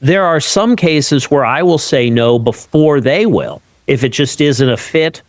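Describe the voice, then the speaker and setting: A man's voice: a little high, measured pace, no echo. A man hosting a podcast interview in a casual, encouraging way, often repeating words as he goes. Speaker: podcast host.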